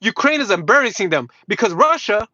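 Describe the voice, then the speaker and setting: A man with a very high, sharp-edged voice delivers a furious, profanity-laced rant, jabbing and mocking as he repeats his points. He sounds close to the mic in a dead, dry space. The stream audio is dull and somewhat lo-fi. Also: sing-song, fairly quick, no echo. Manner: combative, mocking, swears constantly, repeats himself. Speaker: livestreamer. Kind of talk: heated profane rant to live chat.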